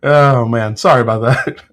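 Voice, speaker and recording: A relaxed man chats through a whiskey tasting on a livestream. His voice sits in a middle pitch, and he talks in a loose, joking way. He swears freely and banters with the people in his chat. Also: measured pace. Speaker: whiskey reviewer hosting a livestream.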